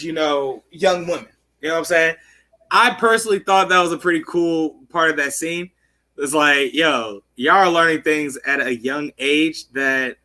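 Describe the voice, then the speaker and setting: A man co-hosting a casual podcast, retelling a show's plot in a loose, profane, filler-heavy way. His voice sits high and bright, and he talks at an unhurried pace. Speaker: podcast co-host. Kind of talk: casual chat recapping a TV show.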